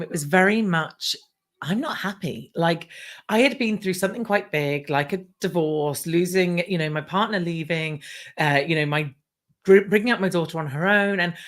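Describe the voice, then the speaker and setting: British woman telling a lively story. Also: lowish voice. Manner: animated, acts out her own past dialogue. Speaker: guest. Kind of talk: casual storytelling interview.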